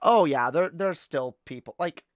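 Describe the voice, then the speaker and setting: Unhurried, with a low voice and lively intonation, a woman from Canada rants heatedly on her live stream, swearing and often stumbling over restarts and repeated words. The audio is studio quality, with no echo.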